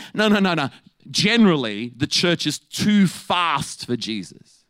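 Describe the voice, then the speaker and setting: A man preaching a sermon to his church, mixing jokes and quick asides with his message. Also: sits high, no echo. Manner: humorous, animated, quick asides with laughs.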